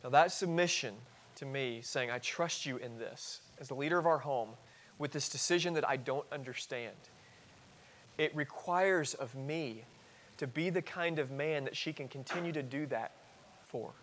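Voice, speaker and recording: A man in his thirties preaching a sermon as pastor in a church, earnest, swinging between loud emphasis and soft asides. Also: on the high side, moderate pace, slight background noise. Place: church sanctuary.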